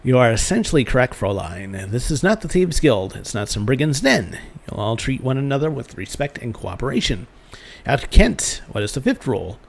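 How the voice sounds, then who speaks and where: A man's voice: medium pitch, big pitch swings, moderate pace, vocal fry. A man voicing a stern older male rogue-class master with a put-on German accent, formal and lecturing.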